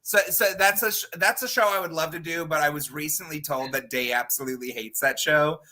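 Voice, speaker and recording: Bright-voiced, chatty man. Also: on the high side. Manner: animated, chatty, quick asides with fillers. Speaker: guest drag performer and cosplayer. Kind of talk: casual interview chat.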